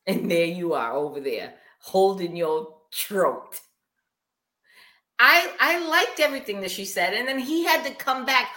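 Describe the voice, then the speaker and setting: A woman co-hosting a casual reality-TV recap podcast, blunt and profane, ranting in animated bursts. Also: medium pitch, a little slow, reverberant. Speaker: podcast co-host.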